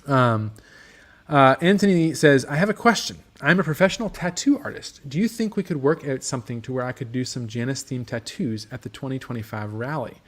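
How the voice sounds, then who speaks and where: A man talks a little fast in a mid-range voice while hosting an informal livestream from his motorcycle workshop. Going through viewer comments, he rambles along easily, peppering his speech with ums and restarts.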